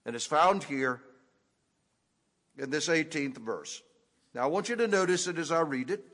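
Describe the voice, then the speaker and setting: A man preaching an expository sermon, teaching deliberately and leaning hard on key words. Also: a little high, lively intonation, a bit bright. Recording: echoey hall with long reverb.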